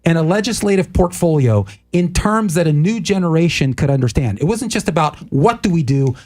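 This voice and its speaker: Brief: higher-voiced male host, preachy and emphatic. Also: expressive, fairly quick, a little mellow. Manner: sermon-like, emphatic, lists words. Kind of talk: talk show discussion.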